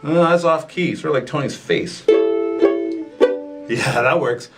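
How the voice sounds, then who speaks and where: A comic performer doing a whiny, petulant rant as a wrestler, with slow repeated chanting and bits of singing. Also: male voice, on the high side, loud music behind the voice, rough recording. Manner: sings along to a ukulele. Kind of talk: comedy rant monologue. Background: faint ukulele.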